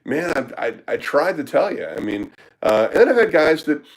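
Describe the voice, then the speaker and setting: A man's voice: fairly high pitch, very animated, normal speed, creaky, rough recording. A man who works as a startup business consultant, answering questions in a casual live Q&A, blunt and profane with lots of filler words.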